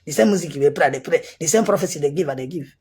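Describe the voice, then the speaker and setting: A self-styled prophet with a Nigerian accent delivers a heated, insistent commentary monologue that circles back on its points. His voice is on the high side, very fast, a little mellow, and husky.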